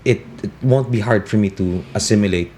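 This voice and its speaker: A Filipino radio DJ and voice-over talent in his forties chats in an interview, speaking briskly in a fairly low, darkish voice with slight background noise. His English carries a Californian-tinged American accent, and he laughs often while slipping into Tagalog and Bisaya.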